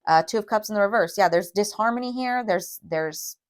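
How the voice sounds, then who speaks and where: A woman giving a tarot reading to viewers, emphatic and emotional, often checking in with a quick "okay?". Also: mid-range voice. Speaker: tarot reader.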